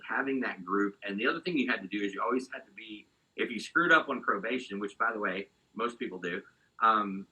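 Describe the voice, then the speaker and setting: Man w a husky, sharp-edged voice, low-ish, gets fired up talking about his past. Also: poor audio. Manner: animated storytelling, gets fired up. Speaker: interview guest. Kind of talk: candid personal account.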